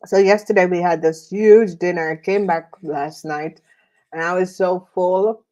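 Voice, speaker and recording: A woman's voice: fairly low pitch, fairly even intonation, a little slow, mellow. A woman tarot reader chatting casually while eating, rambling with many fillers.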